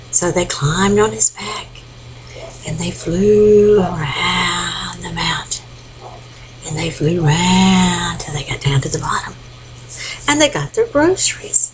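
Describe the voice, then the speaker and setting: An older grandmother with a fairly low voice telling an old folk tale, animated and playful, often dropping into a hushed whisper to draw the listener in. The recording is homemade and quiet, with a faint hiss behind her. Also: slow pace, rough recording. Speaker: grandmother storyteller.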